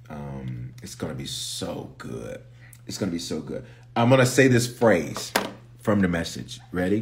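Low-voiced pastor chatting on a livestream. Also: male voice. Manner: energetic, reads viewer comments aloud. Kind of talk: casual livestream chat.

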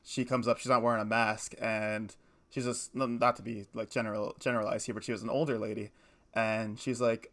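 A young man in his twenties chats on a podcast at a quick clip, his voice sitting at an ordinary middle pitch. He rambles, trips over words and restarts as he tells stories. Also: little pitch movement, a bit bright. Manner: fast, rambling, self-correcting storyteller. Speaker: podcast co-host. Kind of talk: casual chat.

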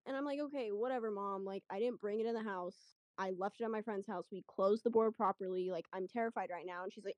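A young woman telling a story in casual chat, chatty and animated, acting out what people said. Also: medium pitch, quick pace, few pauses, dry recording, lo-fi sound. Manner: chatty, animated retelling with quoted voices. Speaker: guest storyteller.

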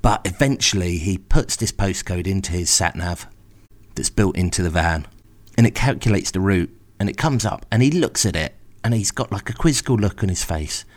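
A man telling a first-person story in a wry, exasperated, animated way. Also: sits low, normal speed. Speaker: podcast storyteller host.

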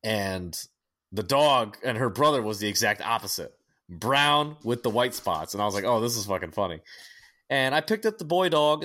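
A young adult man, co-hosting a podcast and telling a story in casual chat, profane and animated with many restarts. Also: lowish voice, moderate pace. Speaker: podcast co-host.

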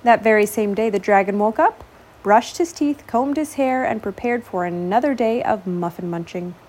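Brief: gentle storybook narrator, woman, slow and expressive, gently dramatic. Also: mid-range voice. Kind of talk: storybook read-aloud.

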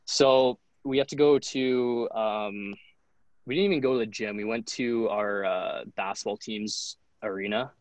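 A man's voice: fairly low pitch, steady tone, unhurried, dry recording, rough recording. A young man in his twenties, a podcast guest telling a story in a loose, profane, casual way, full of "like". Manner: loose, profane, heavy use of "like". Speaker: podcast guest, hockey goalie.

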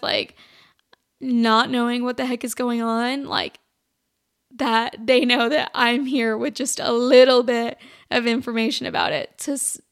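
A woman's voice: fairly high pitch, fairly bright tone. A young woman hosting a podcast, telling a personal story in a chatty, casual way that is full of "like". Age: young adult. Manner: chatty, heavy use of "like". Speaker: podcast host.

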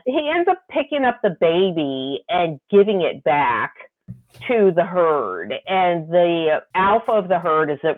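Animated woman on a tinny line. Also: fairly low pitch, unhurried. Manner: animated, laughs often, reads quotes aloud. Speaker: podcast co-host. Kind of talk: casual book discussion.

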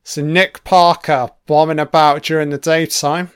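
A man's voice: fairly high pitch, level tone, a little slow, a bit bright, clear, resonant tone. A man giving a casual running commentary on a film. He swears constantly and makes wry, offhand remarks.

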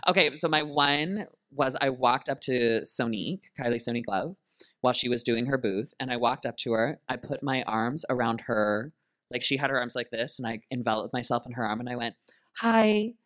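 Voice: mid-range voice, a little fast. A drag queen co-hosting a live podcast, telling stories in a bubbly, giggly way. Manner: bubbly, giggly storyteller with animated voices.

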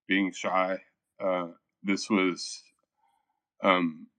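Very deep, flat-voiced halting man. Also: dry recording. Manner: soft-spoken and halting, many pauses. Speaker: host of an online community room. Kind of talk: casual chat.

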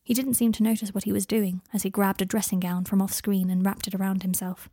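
A woman narrating fan fiction in a calm, measured reading voice. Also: mid-range voice, no room sound, clean studio sound.

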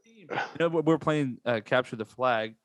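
A man chatting casually about online gaming as podcast host, animated and swinging up in pitch when he rants. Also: moderate pace, dry recording.

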